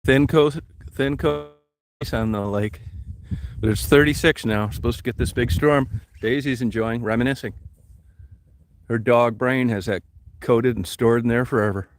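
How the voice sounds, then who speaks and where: Driving his van on a road trip, a man vlogs casually, rambling as he chats with his dog and his viewers. His mid-range voice keeps a steady tone at a moderate pace with frequent pauses. Car and road noise sit under his speech.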